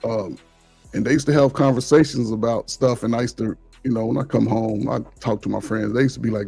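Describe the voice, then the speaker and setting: A gravelly, husky man with a mellow tone talks in an easy, rambling way, as a veteran on a call panel. The sound is dry, with faint music underneath. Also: mid-range voice, fairly even intonation, fairly quick. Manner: laid-back, rambling with fillers. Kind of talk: casual political chat.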